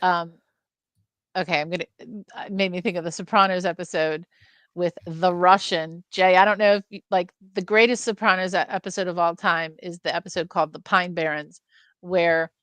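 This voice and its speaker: A woman's voice: fairly low pitch, steady tone, normal speed, a bit bright, clear, resonant tone, dry recording. A woman co-hosting a casual film review, telling anecdotes and dropping in character voices.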